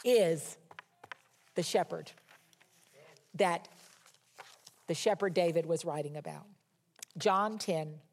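A woman giving a conversational sermon as a Bible teacher, emphatic and repeating key words for stress. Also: a little high.

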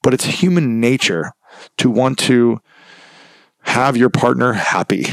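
A man's voice: medium pitch, a little slow, gravelly, no room sound. A man speaking as a podcast guest, candid and self-reflective, sometimes rambling as he thinks aloud. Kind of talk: conversational interview.

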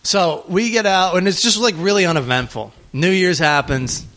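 A man in a loose podcast chat, telling old stories and tossing in quick "right, right" replies. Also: high voice. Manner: relaxed, chatty, drops in quick affirmations. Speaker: podcast co-host. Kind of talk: casual storytelling.

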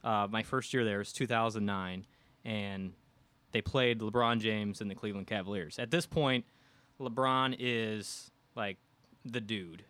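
A man's voice: fairly low pitch, a little slow, no room sound. A man from the American Midwest, a guest telling a casual anecdote on a podcast, acting out quotes from the people in it. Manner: animated, acts out quotes from the people in his story. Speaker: guest storyteller.

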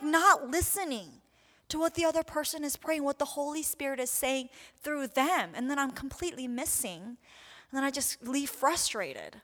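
A woman teaching on prayer in a casual, animated way, acting out the short prayers and replies she describes. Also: high-pitched, moderate pace. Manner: casual, animated, acts out little prayers and quotes. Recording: long hall reverb.

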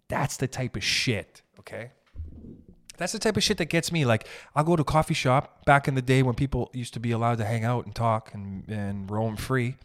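A man ranting casually as a podcast host, profane and animated, swinging between loud bursts and muttered asides. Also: medium pitch. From raised in an Italian family. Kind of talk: casual comedic rant.

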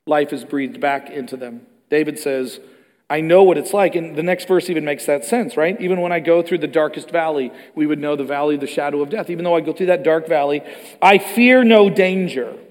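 A man preaching a sermon with animated delivery, moving between loud emphatic passages and hushed ones. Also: a little high, a little fast. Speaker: pastor. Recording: long reverb of a large hall.

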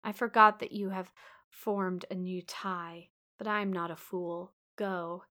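A woman reading the part of a blind, brooding older gentleman, melancholy and self-pitying, in a storybook reading. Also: on the low side, level tone, a little slow. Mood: mournful.

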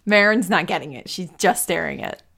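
A woman's voice: on the low side, lively intonation, a little fast, vocal fry, a bit bright. A woman playing a tabletop role-playing game, casually describing what her character does. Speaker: player.

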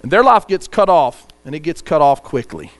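Male preacher, high-pitched, earnest sermon delivery, scripture reading, humming recording. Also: sing-song, normal speed.

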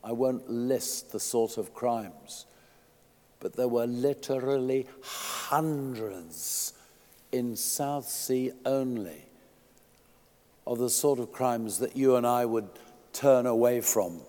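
A man preaching a sermon in a church, emphatic, swinging from quiet asides to loud declarations. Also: medium pitch, slow, in a large hall.

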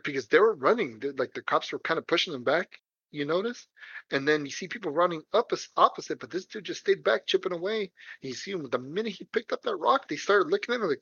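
A man's voice: fairly high pitch, expressive, quick pace, fairly bright tone, slightly rough, no echo. A man co-hosting a casual podcast chat, laid-back and profane, laughing easily, on a dull lo-fi recording. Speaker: podcast co-host. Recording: dull lo-fi sound.

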